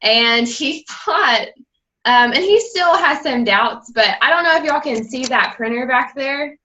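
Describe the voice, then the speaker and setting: A young woman shares her story on a team call, speaking with candor and a loose, rambling flow. Her voice sits a touch high and sounds bright. The call audio is muffled, like a low-quality connection. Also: lively intonation, unhurried. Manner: candid, rambling storyteller who acts out the people she quotes. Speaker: guest speaker and fitness coach.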